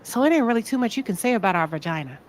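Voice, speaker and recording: A woman's voice: mid-range voice, animated, racing, slight background noise. A woman with a Southern American accent hosting a live talk show, asking pointed, sassy rhetorical questions. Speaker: show host.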